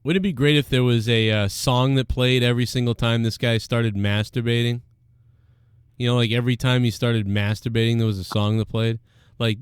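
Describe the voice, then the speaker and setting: A man's voice: medium pitch, fairly even intonation, brisk, clean tone, dry recording, studio quality. A man hosting his own show, rambling crudely and profanely in casual commentary. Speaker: show host. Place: Boston area.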